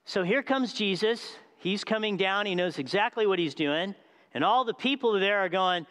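This male pastor, whose voice sits fairly high, gives a sermon at a moderate pace, with the big hall's long echo trailing each line. Full of energy, he quizzes the crowd and dramatizes the events he tells.

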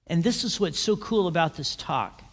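A man preaching a sermon, animated and asking his congregation questions. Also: fairly high pitch, normal speed, long reverb tail. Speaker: pastor.

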